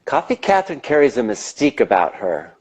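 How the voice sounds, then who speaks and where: An American man, the guest in a casual interview, rambles enthusiastically and swears now and then. His voice is on the high side with a breathy edge, and the recording is low quality.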